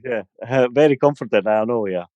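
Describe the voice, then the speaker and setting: A man's voice: medium pitch, moderate pace, dark tone, dry recording, lo-fi sound. A middle-aged Scottish man, a guest on a podcast, telling a long personal story in a rambling, anecdotal way full of "you know". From Scotland.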